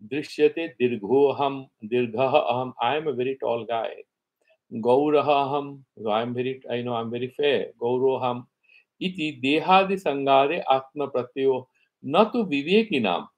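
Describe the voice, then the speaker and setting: Man, scripture teacher, middle pitch, Sanskrit recitation, explanation, rhetorical questions. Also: moderate pace. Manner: reads Sanskrit commentary, then explains in English; rhetorical questions and acted-out examples. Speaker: Vedanta teacher. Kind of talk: scripture class lecture.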